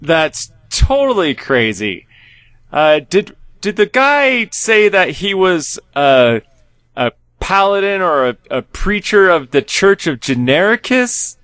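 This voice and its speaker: A man's voice: high voice, sing-song, slow, a bit bright, clean tone, no echo. A man playing a character in a tabletop role-playing game, friendly and curious, asking questions. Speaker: player.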